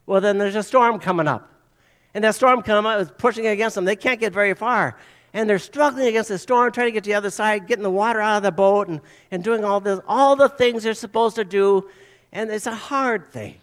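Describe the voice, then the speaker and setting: A man's voice: high voice, lively intonation, moderate pace. A male pastor preaching a sermon, retelling stories, acting out quoted voices, and repeating phrases for emphasis. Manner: storytelling, acts out quoted voices.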